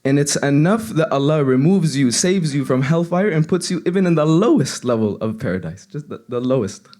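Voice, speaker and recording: A man's voice: a little high, expressive, brisk, mellow. A young man, a seminary student, gives an earnest, conversational sermon with frequent restarts. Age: young adult. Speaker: seminary student giving a reminder. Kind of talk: informal sermon.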